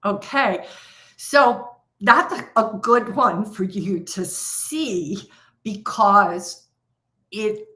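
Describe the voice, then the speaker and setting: A woman's voice: mid-range voice, drawn-out words, pushed and bright. A middle-aged woman leading a live coaching session, speaking directly to viewers and stretching out key phrases for emphasis. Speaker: trading coach.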